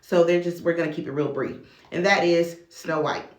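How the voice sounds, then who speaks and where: A woman talking casually to camera as a video blogger, chatty and relaxed, with casual slang. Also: lowish voice, normal speed. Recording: echoey room.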